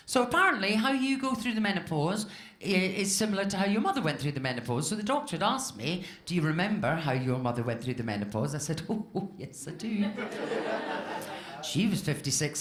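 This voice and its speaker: A woman's voice: mid-range voice, expressive, fast talker, fairly bright tone. A woman in her fifties from Scotland doing a stand-up comedy set on a club stage, chatty and self-mocking, talking straight to the crowd. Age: 50s. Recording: live club room with echo and audience laughter. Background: audience laughter.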